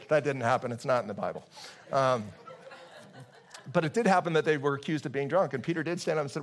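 A man's voice: mid-range voice, quick pace. A male pastor preaching a casual, joking sermon to his congregation, with many restarts.

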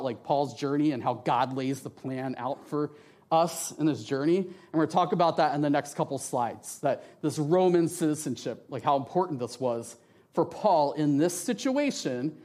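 A man preaching a sermon with slides in a church, talking in a conversational way, often tagging his sentences with "right?" and acting out the voices in his quotes. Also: fairly high pitch. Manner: lively, animated, acts out voices in quotes. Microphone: handheld mic.

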